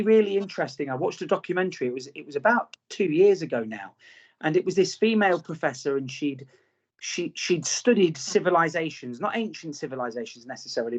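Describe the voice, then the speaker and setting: A middle-aged man with a British accent, chatting bluntly on a podcast and swearing freely. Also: fairly high pitch. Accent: British English. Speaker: podcast host. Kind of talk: casual podcast chat. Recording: slightly muffled podcast audio.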